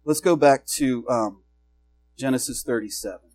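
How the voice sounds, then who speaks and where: A man's voice: mid-range voice, normal speed, a little mellow, faint music behind, low-quality recording. A male pastor preaching a sermon in an earnest, exhorting way, asking his congregation questions.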